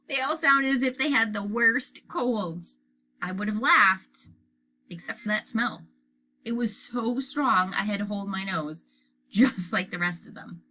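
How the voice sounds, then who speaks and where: A woman narrating a children's book aloud with an expressive reading style. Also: medium pitch, a little slow. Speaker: audiobook reader.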